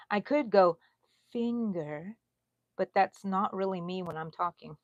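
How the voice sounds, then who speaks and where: A middle-aged Texan woman hosting a casual crochet livestream, chatty, laughing often and drifting into soft asides. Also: fairly low pitch, a little slow, no room sound. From Texas. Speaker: crochet channel host.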